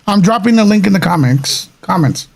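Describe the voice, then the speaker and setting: A man hosting a casual livestream, his voice worn hoarse and raspy, talking straight to his viewers. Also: high-pitched, expressive, a little fast. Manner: rambling, addresses viewers directly. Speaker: livestream host.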